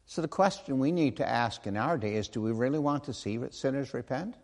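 A man's voice: mid-range voice, expressive, brisk, a little mellow. A man preaching a sermon in an earnest, conversational way, with asides and self-corrections. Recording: long hall reverb.

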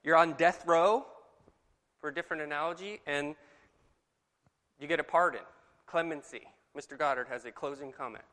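A man leading a conversational Bible lesson, asking his group questions in a lively, animated way. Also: fairly high pitch, moderate pace, long pauses, in a large hall. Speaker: Bible study leader. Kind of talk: conversational sermon.

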